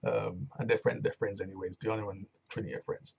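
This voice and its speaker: A man's voice: lowish voice, quick pace, vocal fry, breathy edge, lo-fi sound. A man giving a casual, rambling review of a wrestling show, retelling segments with loose commentary. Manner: rambling, animated retelling with acted quotes and laughs.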